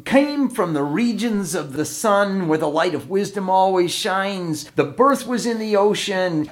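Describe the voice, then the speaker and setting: A man giving a devotional discourse as a spiritual teacher, retelling a sacred story in an expressive storytelling manner. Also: high-pitched.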